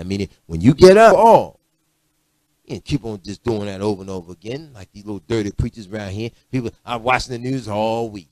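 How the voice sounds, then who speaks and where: Man preaching with lively swings. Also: no room sound. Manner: animated preaching, swings from low murmurs to loud rebukes; blunt, confrontational street-style preaching. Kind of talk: sermon.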